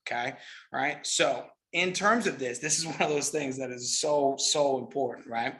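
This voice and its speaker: A middle-aged man giving a motivational network marketing training, energetic and repetitive, often checking in with "right?". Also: medium pitch, normal speed.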